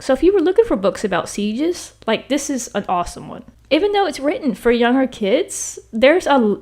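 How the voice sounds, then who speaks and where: A woman's voice: high voice, a little mellow. A young woman casually talking about a book to camera from a small bedroom, chatty and rambling, with many asides to the viewer. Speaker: book channel host.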